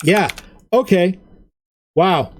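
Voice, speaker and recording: A man running a tabletop game as game master, narrating with rambling asides. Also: sits high. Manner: rambling, quick asides with fillers.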